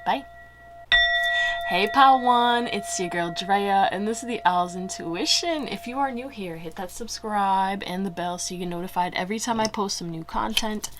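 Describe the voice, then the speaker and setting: A woman hosting a casual pick-a-card tarot reading, chatty and quick to laugh, with slangy asides. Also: mid-range voice, background noise. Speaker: tarot reader.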